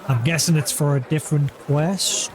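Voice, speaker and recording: A man's voice: a little high, moderate pace, background noise. A man casually commenting on a video game while streaming, thinking aloud and chatting. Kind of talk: casual let's play commentary.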